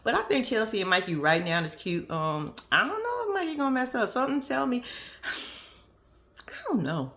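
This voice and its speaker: A woman in casual reaction commentary, chatty and animated, laughing often and swearing freely. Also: a little high, moderate pace. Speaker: reality TV commentator.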